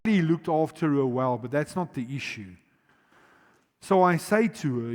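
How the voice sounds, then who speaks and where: A man preaches from a church stage in a high, carrying voice that rings in a long hall echo. He climbs to loud, urgent peaks, then sinks into quiet, stretched-out words. He keeps putting questions straight to the congregation. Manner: swings between loud urgent emphasis and quiet, slow, drawn-out words; asks the congregation questions directly. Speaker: pastor. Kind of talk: sermon. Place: large church auditorium.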